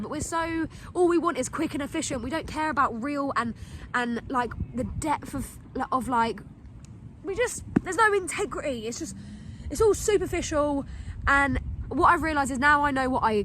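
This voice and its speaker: A woman's voice: sits high, fairly bright tone, a little hiss or hum. A young woman hosting a podcast tells a story in a chatty, heartfelt way, saying "like" and "literally" again and again. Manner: chatty, gushing, full of "like" and "literally"; emotional, heartfelt. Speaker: podcast host. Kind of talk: casual storytime monologue.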